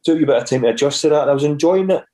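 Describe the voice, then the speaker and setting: A man's voice: on the high side, very fast, mellow. A Scottish man in his forties, a former footballer guest, telling rambling stories with restarts. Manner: rambling anecdotes with many restarts and acted quotes. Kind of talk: casual storytelling.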